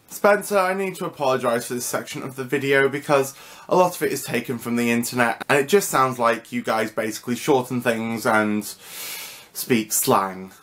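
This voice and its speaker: British man, young, lively swooping delivery, cheeky and mock-indignant, comedic vlog lesson. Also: mid-range voice. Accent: British English. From United Kingdom. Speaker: vlogger.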